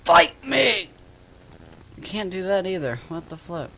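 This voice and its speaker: A male gaming host giving excitable play-by-play commentary, muttering low asides and breaking into shrieks and yells at tense moments. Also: slow pace, vocal fry, slight background noise. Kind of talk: gameplay commentary.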